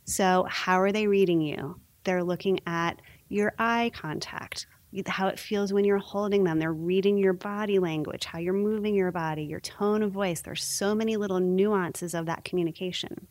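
A woman's voice: mid-range voice, moderate pace, few pauses, no echo. A woman explaining infant sleep habits in a casual chat, often acting out little voices for babies and parents. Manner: warm explanatory, acts out baby and parent voices. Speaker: sleep consultant guest.

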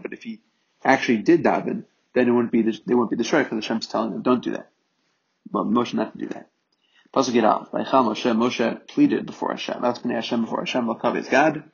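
A man's voice: mid-range voice, creaky, husky, highs cut off. A man teaching scripture, reading Hebrew phrases and translating each one line by line, with frequent restarts. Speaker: Torah teacher.

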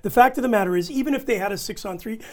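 A man's voice: high voice, very fast, a little mellow. A man hosting a casual talk show, easygoing and chatty. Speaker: host. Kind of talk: casual chat.

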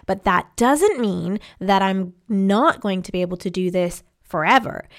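Female podcast host, mid-pitched, talks listeners through steps warmly and clearly. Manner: encouraging, explanatory, acts out self-talk quotes. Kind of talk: self-help podcast talk.

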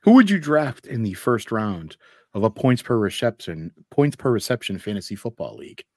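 A man's voice: fairly low pitch, sing-song, a little mellow, no echo. Laid-back male podcast host, dry sound. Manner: quick-fire quiz questions, laid-back. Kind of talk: casual podcast chat.

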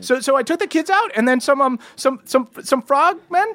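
A man's voice: extremely high pitch, lively intonation, moderate pace, sharp tone, no echo, pitched above the performer's own voice, heavily acted. A man voicing a nervous young male halfling scoutmaster who stammers and rambles.

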